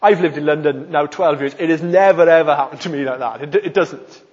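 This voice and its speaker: A man's voice: on the high side, a little fast, a little mellow. A man from South Wales with a Welsh accent, preaching a sermon with emphatic stresses on key phrases. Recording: long hall reverb, dull sound.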